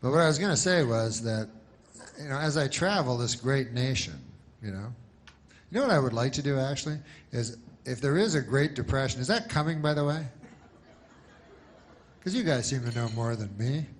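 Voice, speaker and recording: A man performing a stand-up comedy set with a dry, deadpan, rambling delivery. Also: mid-range voice, normal speed, a little hiss or hum.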